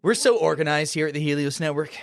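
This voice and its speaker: A man co-hosting a podcast in casual banter, joking and quick to play along with gags. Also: fairly high pitch, creaky, no room sound, studio quality. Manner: joking, slips into pirate talk. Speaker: podcast co-host.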